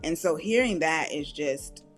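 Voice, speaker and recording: A middle-aged woman, an author and podcast guest, telling candid personal stories in an animated way, acting out quoted voices and laughing often. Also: low voice, measured pace, soft background music. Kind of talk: candid conversational storytelling.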